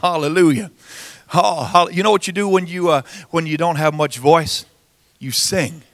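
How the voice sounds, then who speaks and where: A hoarse man preaching a sermon in church, drawing out his words, breaking into song and calling out to the congregation. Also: a little high, dry recording. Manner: slow, drawn-out delivery with rising shouts and sung phrases. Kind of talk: sermon with prayer and singing. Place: church service.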